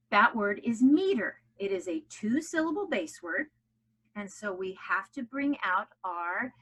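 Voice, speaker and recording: A woman's voice: a little high, a bit bright. A woman teaching a recorded phonics lesson for children, walking through the steps and having kids echo sounds after her. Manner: step-by-step, encouraging, repeats sounds for kids to echo.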